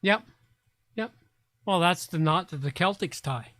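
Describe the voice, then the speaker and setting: Slow-talking Canadian host. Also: medium pitch, expressive, crowd noise. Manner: slow, halting, restarts words. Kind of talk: casual live show chat.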